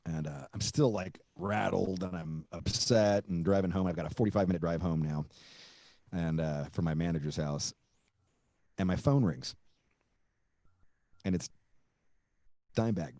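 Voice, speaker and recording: A man with a lowish voice hosting a podcast, spinning a long story in loose, rambling talk. He swears freely and circles back with fillers and restarts. The sound is close and dry, with no room around it. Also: moderate pace, long pauses, mellow, dry recording. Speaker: podcast host. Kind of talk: casual storytelling.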